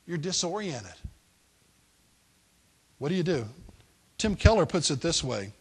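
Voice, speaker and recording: A man's voice: fairly high pitch, very animated, a little slow, slightly rough. A man preaching a sermon as a pastor, walking through a Bible passage and acting out its people in a raised voice. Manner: acts out the people in the story in a raised voice.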